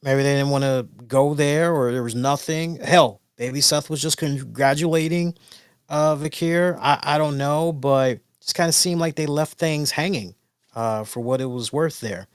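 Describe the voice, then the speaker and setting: A man's voice: a little high, normal speed, clear, resonant tone, no echo. Rambling man reviewing wrestling, dry close mic. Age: older adult. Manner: rambling, loose, many fillers and restarts. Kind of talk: casual solo review.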